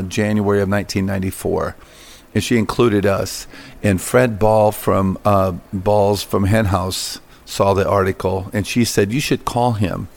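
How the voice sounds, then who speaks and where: In a low-leaning voice with vocal fry, a middle-aged man rambles through anecdotes as an interview guest, often using fillers and restarting his sentences. He founded a coffee business, and the storytelling is casual.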